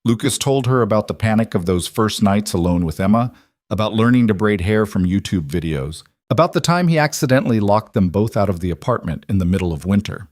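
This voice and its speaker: A man narrating a scripted story in a steady, even manner. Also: on the low side, a little fast, no echo, clean studio sound.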